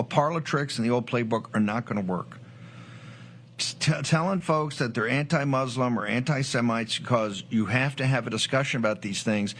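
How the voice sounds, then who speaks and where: Man, political commentator, forceful, rambling, filler words, emphatic. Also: mid-range voice. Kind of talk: broadcast political talk.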